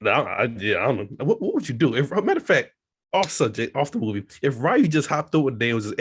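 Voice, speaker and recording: Husky laid-back man. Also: mid-range voice, wildly swooping pitch, fast. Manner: laid-back, laughs often, joking. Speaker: podcast co-host. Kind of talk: casual movie chat.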